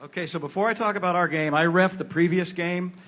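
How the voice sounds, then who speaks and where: A man's voice: high-pitched, fast talker. A man coaching and refereeing a recreational kickball league, telling game stories in a casual podcast chat. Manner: storytelling, animated retelling.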